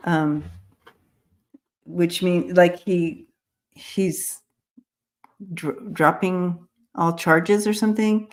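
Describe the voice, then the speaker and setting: A woman's voice: on the low side, steady tone, drawn-out words, long pauses. A woman hosting a live stream, greeting viewers by name and talking casually with many fillers and restarts. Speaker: host of a live-stream psychic reading show.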